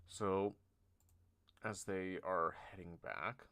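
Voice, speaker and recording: A man streamer improvising a story aloud, halting and nervous, often trailing off and poking fun at himself. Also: low voice, fairly even intonation, pushed and bright, clean tone. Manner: halting, nervous, self-deprecating.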